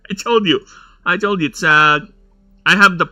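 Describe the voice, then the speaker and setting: A man's voice: sits high, a little slow, bright, forceful tone. A man giving casual, rambling gameplay commentary, going off on nerdy tangents and laughing often. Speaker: gameplay streamer.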